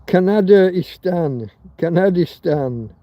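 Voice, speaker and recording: A man's voice: sits high, animated, takes it slowly, dark tone, no echo. A man from Britain hosting a rambling livestream chat, crude and joking, swearing freely. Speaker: livestream host. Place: outdoors in a field in Spain.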